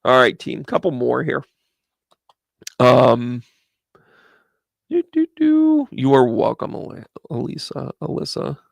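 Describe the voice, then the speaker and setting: A man's voice: mid-range voice, fairly even intonation, measured pace, creaky, no echo. A man giving live-stream tarot readings as a psychic medium, chatting casually and greeting viewers by name as he thinks aloud over each card.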